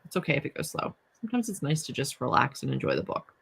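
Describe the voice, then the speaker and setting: A woman's voice: low voice, sing-song, fast talker, creaky, hardly any pauses, a bit bright, breathy edge. A young woman hosting a casual writing livestream, chatting and reading viewer comments aloud. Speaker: livestream host.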